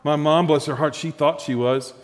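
A male pastor preaching a sermon with lively rhetorical questions to his congregation. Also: fairly high pitch, moderate pace, in a large hall.

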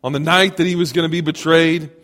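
A man preaching a storytelling sermon, animated and chuckling, often asking his congregation questions. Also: on the high side, quick pace. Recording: long reverb of a large hall.

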